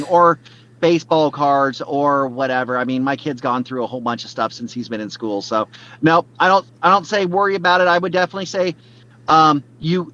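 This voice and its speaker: Heard on dull, lo-fi podcast audio, this co-host has a medium-pitched, fairly bright voice. His casual chat wanders, packed with fillers and false starts.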